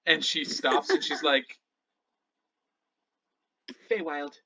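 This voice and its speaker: A young man narrating a tabletop game as dungeon master, animated and often laughing. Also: medium pitch, moderate pace, background noise.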